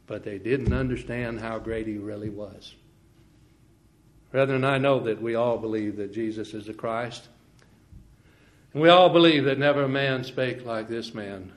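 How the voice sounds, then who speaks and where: A man preaching a sermon, swinging from quiet, folksy asides to loud, slow, ringing scripture quotes, with small laughs and restarts. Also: medium pitch.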